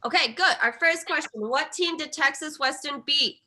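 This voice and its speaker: A woman teacher with a bright, fairly high voice leads a reading lesson. She repeats her instructions and checks in with the class again and again, keeping everyone on track. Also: normal speed, hardly any pauses.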